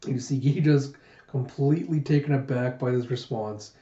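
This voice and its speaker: A man's voice: mid-range voice, fairly even intonation, dark tone, echoey room, muffled recording. Man casually retelling a manga. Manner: retells scenes with chuckles and quick asides. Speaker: manga reader and reviewer.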